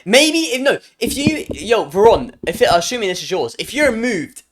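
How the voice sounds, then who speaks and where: Lively, higher-voiced British young man. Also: moderate pace, hardly any pauses. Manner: joking, playful, trails off and restarts. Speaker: streamer. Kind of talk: live stream reaction chat.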